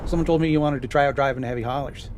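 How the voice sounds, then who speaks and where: An actor playing a calm, fatherly fisherman with a Newfoundland accent, giving gentle folksy advice. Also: mid-range voice, very fast, background noise, natural voice.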